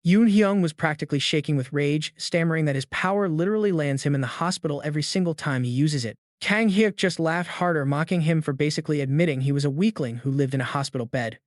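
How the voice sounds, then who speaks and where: A man narrating a comic-fantasy story recap in a brisk, dramatic storytelling manner. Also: a little high, dry recording, studio quality.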